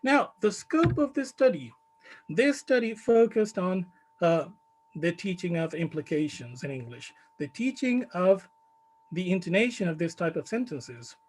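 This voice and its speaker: High-voiced man presenting research. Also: animated, husky, low-quality recording. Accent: Chilean Spanish. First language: Spanish. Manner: measured, many fillers, stresses key words. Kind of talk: conference talk.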